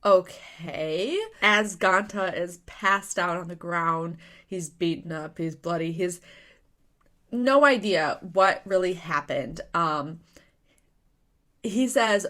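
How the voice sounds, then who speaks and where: A woman's voice: fairly low pitch, slow pace. Chatty young woman reviewing a manga. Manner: chatty and excitable, full of fillers and rhetorical questions. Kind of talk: casual spoken review.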